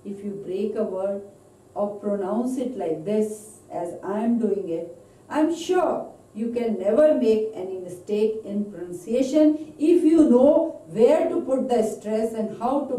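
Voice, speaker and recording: A woman teaching pronunciation in a recorded online lecture, slowly drilling word lists one by one. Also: on the high side, warm tone. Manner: slow, deliberate, drawn-out word drills. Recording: echoey room, voice from far off mic.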